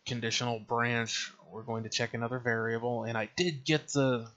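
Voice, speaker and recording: A man talks himself through computer menus in a relaxed screen-recorded tutorial on game development, mumbling and thinking out loud as he goes. His mid-range voice is steady and fairly bright, moving at a moderate pace. The audio is lo-fi and a bit dull.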